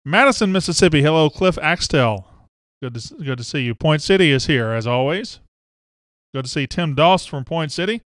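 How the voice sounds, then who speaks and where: A man hosts a casual live sports talk show, chatting and greeting viewers by reading out their names and hometowns. His voice is fairly high, a bit bright and animated at normal speed, recorded studio-quality with no room sound.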